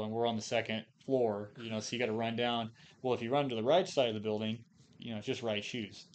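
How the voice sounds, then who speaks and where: A man's voice: on the low side, little pitch movement, quick pace. Profane, rambling man telling stories. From Idaho. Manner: profane, rambling, heavy on fillers and restarts. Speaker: podcast guest, former Marine scout sniper. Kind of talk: casual storytelling.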